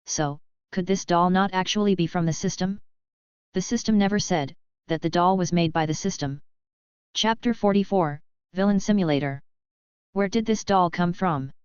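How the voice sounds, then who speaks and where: Smooth low-voiced woman narrating a story. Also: normal speed, a little mellow, no echo, dull audio. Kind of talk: audiobook narration of a web novel.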